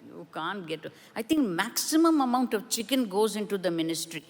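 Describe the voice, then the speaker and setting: A woman preaching a sermon with a personal testimony, earnest and measured, with emphatic rises. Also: medium pitch, expressive, long reverb tail. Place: church.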